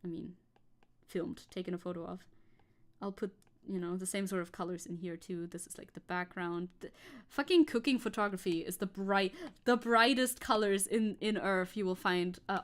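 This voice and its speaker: A woman's voice: fairly low pitch, fairly even intonation, normal speed. A woman chatting casually and playfully while she paints on a live stream. She rambles and jokes at her own expense. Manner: playful, rambling, self-joking.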